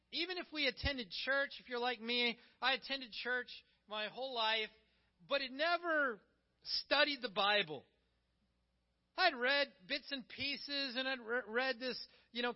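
A man preaching a conversational, animated sermon, reading scripture and then explaining it. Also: extremely high pitch, dull audio. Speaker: pastor.

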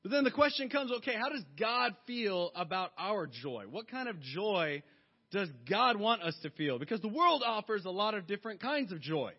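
High-voiced joking pastor in a hall. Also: male voice, normal speed, husky. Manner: joking, lively storytelling. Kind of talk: sermon. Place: church hall. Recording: long hall reverb, dull sound.

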